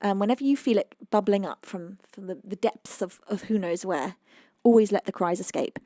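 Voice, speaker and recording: A woman's voice: medium pitch, normal speed, dark tone, no room sound. Chatty UK woman streamer, dry close mic. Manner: chatty, reads chat aloud, many fillers, laughs often. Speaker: singer-songwriter streamer. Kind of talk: casual live-stream chat.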